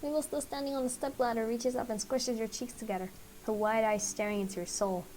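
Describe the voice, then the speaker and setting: A woman's voice: fairly high pitch, steady tone, darkish tone, a little hiss or hum, poor audio. Breathless woman reading a game aloud. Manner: fast, self-mocking reading. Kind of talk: game dialogue read-along.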